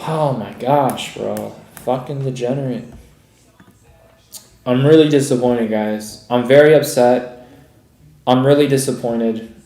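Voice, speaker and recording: Man, frustrated live-stream rant, heavy swearing, mid-pitched voice, roomy echo. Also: warm tone. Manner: frustrated, heavy swearing, says bro and dude a lot. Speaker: trading stream host.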